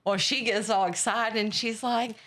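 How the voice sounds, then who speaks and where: A woman from Ohio, a podcast guest in casual chat, telling stories in a lively way with some casual swearing. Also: on the high side, moderate pace.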